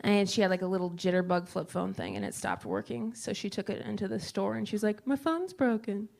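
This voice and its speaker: A woman's voice: mid-range voice, sing-song, a little fast, gravelly, a little mellow. A woman in her thirties doing stand-up, telling a wry, chatty story full of "like" and "you know". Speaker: stand-up comedian. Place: comedy stage with a live audience.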